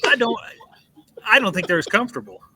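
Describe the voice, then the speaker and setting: A man in his forties answers as a podcast guest in short, low-key replies. His voice is very bright and he talks at a quick pace. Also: sing-song. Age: 40s.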